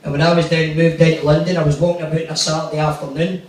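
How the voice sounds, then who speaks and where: A man's voice: a little high, level tone, very fast, heavy reverb, recorded from a distance, low-quality recording. A man with a Glaswegian accent doing stand-up, telling profane, rambling stories and acting out the quotes. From Glasgow, Scotland. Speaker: stand-up comedian. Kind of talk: stand-up storytelling. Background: audience laughter.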